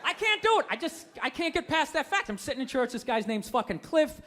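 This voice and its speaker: A man in his fifties with a Boston accent doing stand-up, ranting in an animated, incredulous way. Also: very high voice, fairly quick, some chatter behind. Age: 50s. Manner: animated, incredulous rants with acted-out voices. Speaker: stand-up comedian. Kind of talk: stand-up comedy set. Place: comedy club stage before a live audience. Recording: live club recording with audience noise. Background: audience laughter.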